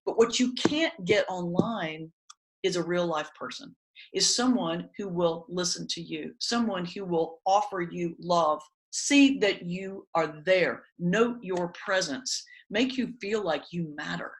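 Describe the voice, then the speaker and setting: Animated woman preacher-comic teaching. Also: fairly low pitch, measured pace, rough recording. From Southern United States. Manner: conversational, animated storytelling with comic timing. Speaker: pastor and stand-up comedian. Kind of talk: webinar teaching talk.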